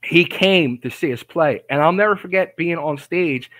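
A male podcast host in his fifties, with a fairly high voice. His tone is bright and forceful. He tells stories in an animated way, acting out the people in them and often stumbling into restarts. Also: moderate pace, dry recording. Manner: animated storyteller, acts out quotes, frequent restarts. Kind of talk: casual storytelling chat.

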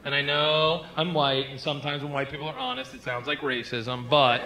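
A man performing a stand-up comedy routine on stage, telling stories loudly and with lots of energy. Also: mid-range voice, a little fast. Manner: loud, animated storytelling. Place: comedy stage before a live audience. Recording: live stand-up with loud crowd noise.

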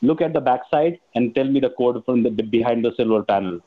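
A man's voice: mid-range voice, a little fast. A phone scammer, a man who sounds impatient, pleads and repeats himself. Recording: tinny phone line.

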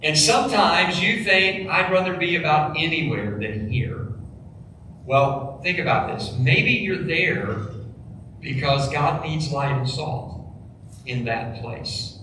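Pastor guy preaching slow, high bright voice, big echoey church hall, mic kinda far off. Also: noisy background. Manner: emphatic preaching, dropping low and quiet on key phrases. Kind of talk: sermon. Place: church sanctuary.

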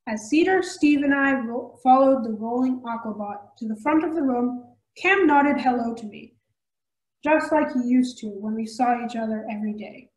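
A woman reading a children's novel aloud in a measured, expressive way. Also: fairly high pitch, roomy sound, low-quality recording. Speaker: storybook reader.

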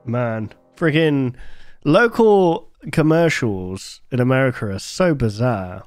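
A man's voice: mid-range voice, animated, slow pace, smooth, no echo, soft background music. A man hosting a reaction video, chatting casually and joking along with what he watches. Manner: chatty, laughs and jokes along.

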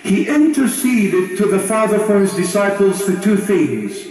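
A man preaching a sermon with emphatic phrasing, dramatic pauses and big swings in pitch. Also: big pitch swings, a little mellow. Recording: very echoey, far from the mic, music behind.

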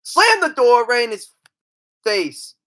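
Brief: rambling comic storyteller, woman, bright edgy tone, stumbles and restarts, crude. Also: fairly high pitch, big pitch swings, slow pace. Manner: crude, brash asides. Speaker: comedian. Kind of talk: stand-up style comedy bits.

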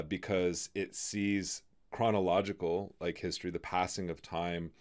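A man hosting a podcast, talking through ideas in a halting way, full of fillers and restarts. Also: low voice. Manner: halting, many "you know" fillers and restarts. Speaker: podcast host. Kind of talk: in-depth conversational discussion.

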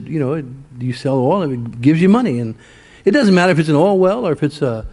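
Pastor guy w a high voice preaching in church, folksy, lots of questions to the crowd. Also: a little mellow. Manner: folksy storytelling with rhetorical questions. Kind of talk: sermon.

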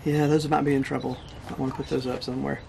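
Man, gravelly, fast, clipped replies; casual co-host. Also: medium pitch, little pitch movement, mellow, a little hiss or hum. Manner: short dry replies, laughs often. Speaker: co-host husband. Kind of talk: casual chat.

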